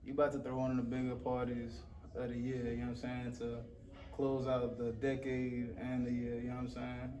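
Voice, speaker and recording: A man's voice: mid-range voice, completely flat delivery, fairly quick, dark tone. A man hosting a casual interview, laid-back with short reactions. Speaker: interview host. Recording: roomy, distant mic, noisy.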